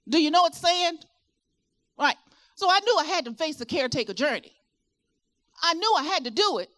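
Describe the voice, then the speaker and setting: A middle-aged woman from Virginia with a Southern accent gives a motivational talk at a caregiver expo, often putting questions to her audience. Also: high voice. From Virginia, USA. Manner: animated, asks the audience questions, rising and falling delivery. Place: expo hall with a live audience.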